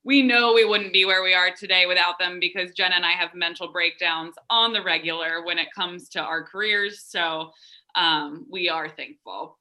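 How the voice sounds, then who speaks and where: Chatty woman host, low-ish and bright, casual quiz. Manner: upbeat, chatty with fillers. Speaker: podcast co-host. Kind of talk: casual chat, quizzing guests.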